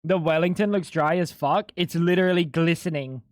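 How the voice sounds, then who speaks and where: A young man chatting casually on a live stream, animated, swearing and laughing a lot. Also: on the high side, normal speed, no echo, clean studio sound.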